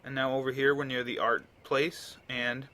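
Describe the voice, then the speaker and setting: A man around thirty gives casual let's play commentary over the video game he is playing, rambling and chatty with frequent restarts. His voice is medium-pitched, level, bright, and forceful, at a normal speed.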